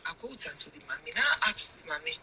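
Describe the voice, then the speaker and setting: A woman's voice: deep voice, lively intonation, racing, bright, forceful tone, slight background noise, low-quality recording. An older woman with a Sierra Leonean Krio accent, a guest earnestly recounting events in a long narration full of quoted exchanges. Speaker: guest, mother telling her account. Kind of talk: radio interview testimony.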